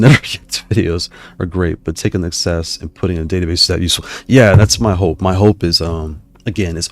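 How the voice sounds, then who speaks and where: A man hosting a live stream, chatting casually with viewers in a rambling way, often stopping himself mid-sentence. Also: low-pitched. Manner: rambling, self-interrupting, digressive. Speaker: YouTube host reading live chat.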